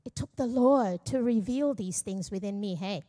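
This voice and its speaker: A woman's voice: mid-range voice, normal speed, warm tone. A middle-aged woman pastor giving a candid, self-deprecating personal testimony at church, with jokes mixed in. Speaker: young adults pastor.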